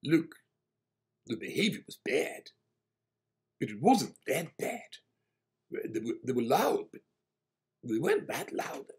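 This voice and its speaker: Man doing a guy, flustered, raised voice, gravelly, defensive. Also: mid-range voice, huge pitch swings, slow, pauses often, pitched above the performer's own voice, heavily acted. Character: flustered South African male traveler.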